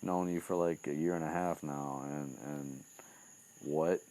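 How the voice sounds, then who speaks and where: A man's voice: extremely low pitch, steady tone, measured pace, warm tone. A man voicing a blunt teenage boy who swears and speaks plainly to his best friend. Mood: urgent.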